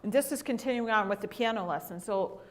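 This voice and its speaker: A woman teaching a women's Bible class in a church classroom, telling lively stories and acting out what people said. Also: mid-range voice, quick pace. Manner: animated storyteller who acts out quotes. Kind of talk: storytelling church lesson.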